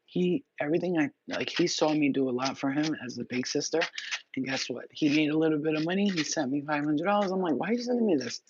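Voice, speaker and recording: A woman's voice: low-pitched, fast talker. A woman chatting casually on a livestream, rambling, swearing freely and laughing often. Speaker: livestream host. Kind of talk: casual live-stream chat. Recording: muffled lo-fi audio with loud background noise.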